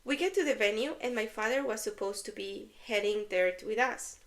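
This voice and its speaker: A woman's voice: mid-range voice, fairly quick, a bit bright. A woman co-hosting a podcast, reading an online story aloud and stopping to laugh and explain words to her partner. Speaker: podcast co-host. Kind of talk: reading and discussing online stories.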